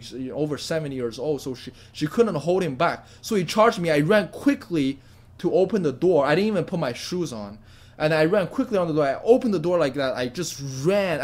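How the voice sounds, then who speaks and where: A young man telling a story to camera in a lively, stammering way, often repeating words as he goes. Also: a little high. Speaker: vlogger. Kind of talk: casual spoken story to camera.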